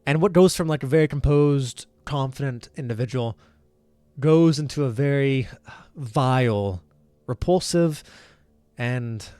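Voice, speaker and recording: A man's voice: medium pitch, unhurried, a little mellow, smooth, dry recording, soft background music. A man narrating as game master in a casual, rambling way. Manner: casual, rambling, many fillers.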